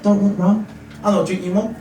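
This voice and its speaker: A man's voice: high-pitched, level tone, brisk, voice pushed up, close to an everyday voice. A man with an Essex accent voicing a pushy, overbearing male drinking buddy who keeps offering rounds. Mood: pushy, jokey. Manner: overbearing, jokey, insistent. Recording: echoey room heard from far off, loud audience laughter.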